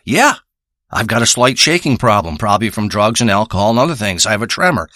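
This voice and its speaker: A man's voice: on the low side, sing-song, fast, bright, forceful tone, dry recording, clean studio sound. A man playing a crude, rambling male treasure hunter who boasts and swears through a comic monologue. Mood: boastful. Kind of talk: improvised comic character monologue.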